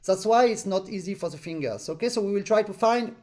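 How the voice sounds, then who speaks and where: Over a video call, a man leads an online accordion master class, patiently explaining and singing rhythms in syllables. His voice is high-pitched and darkish in tone, and he talks briskly.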